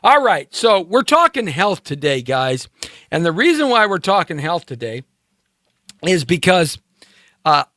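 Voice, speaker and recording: A man's voice: high-pitched, very animated, a little slow, sharp tone, dry recording, studio quality. A man hosting a live talk show in a casual, rambling, playful monologue, speaking directly to his listeners.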